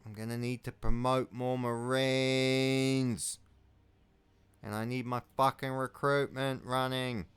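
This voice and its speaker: A man with a New Zealand accent giving casual commentary while playing a strategy game, muttering to himself and swearing loudly when things go wrong. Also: mid-range voice, little pitch movement, takes it slowly, clean tone. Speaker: video game let's player.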